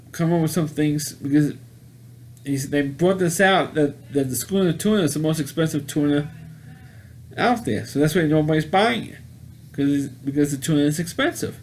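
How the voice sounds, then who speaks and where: A man casually recapping a movie plot, rambling and halting with many restarts and repeated words. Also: on the high side, a little mellow. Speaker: movie reviewer.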